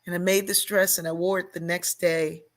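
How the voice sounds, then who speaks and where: A woman's voice: on the low side, level tone, normal speed. An older woman, a guest on an interview show, telling a personal story at length and acting out the voices she remembers. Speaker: guest, sociologist and author.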